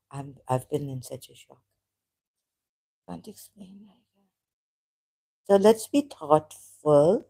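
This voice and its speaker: She has a very deep, dark-toned voice with vocal fry and a Sindhi Khoja accent. On her live stream she wanders and falters, often reaching for words and slipping into Hindi-Urdu.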